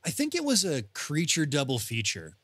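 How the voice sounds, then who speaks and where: Give me an encouraging man from Detroit guesting on a film podcast, with a lively voice and a dry sound. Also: fairly high pitch, moderate pace, husky, no room sound. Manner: upbeat, encouraging, teasing. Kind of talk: casual film chat.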